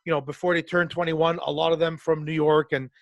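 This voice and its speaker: High-pitched, animated Canadian man. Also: quick pace, creaky, dry recording, muffled recording. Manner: swearing, animated, acts out quoted people. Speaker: podcast co-host. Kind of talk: casual storytelling chat.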